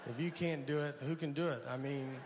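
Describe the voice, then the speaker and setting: A man performing a stand-up routine, telling rambling stories in a halting, deadpan way. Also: fairly high pitch. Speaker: stand-up comedian. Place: large venue with a live audience. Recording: live stage mic in a reverberant hall with audience noise. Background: audience laughter.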